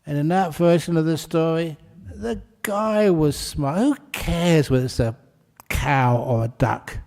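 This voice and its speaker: Slow gravelly guy giving a buddhist talk, easygoing and jokey. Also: fairly high pitch. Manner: gentle, humorous storytelling. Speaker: Buddhist teacher. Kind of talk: dharma talk.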